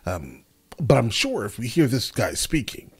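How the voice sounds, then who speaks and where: A man's voice: mid-range voice, big pitch swings, normal speed, slightly rough. A man hosting a reaction video, chatting casually and animatedly to his viewers.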